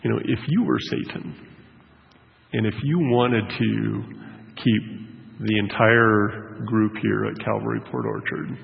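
A man's voice: lowish voice, fairly even intonation, a little slow, creaky. A male pastor giving a sermon, telling a story in a conversational way with many fillers. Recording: dull lo-fi sound with long hall reverb.

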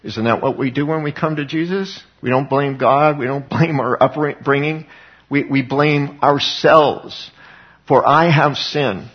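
A man's voice: mid-range voice, steady tone, unhurried, husky. A pastor preaching a conversational sermon, asking his congregation questions as he goes. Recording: dull lo-fi recording.

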